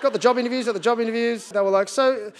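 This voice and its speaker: High-voiced Australian man doing stand-up. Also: steady tone, racing, background noise. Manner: chatty, storytelling, punchy asides. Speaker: stand-up comedian. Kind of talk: live stand-up comedy. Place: large theatre on stage.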